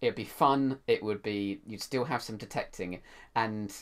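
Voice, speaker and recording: A man's voice: on the low side, measured pace. A man co-hosting a podcast in casual chat, enthusiastic and rambling, with many restarts. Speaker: podcast co-host.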